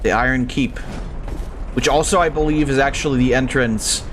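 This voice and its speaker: A young male streamer talking casually over his gameplay, his voice sitting at an ordinary middle pitch. He rambles and rants, swearing freely and circling back on his own words, with faint ambient noise behind him. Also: moderate pace, a bit bright. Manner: rambling, profane, ranting. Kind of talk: casual live-stream commentary.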